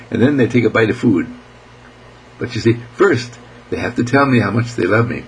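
A man's voice: mid-range voice, normal speed, creaky, slightly rough, low-quality recording. A man giving an emphatic spiritual talk, exclaiming and laughing as he speaks. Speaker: inspirational speaker.

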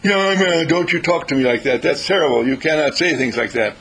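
A man's voice: fairly high pitch, a little fast, a bit bright, husky, rough recording. A man voicing a self-pitying male prisoner who complains in long rambling lists of his troubles. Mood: whining.

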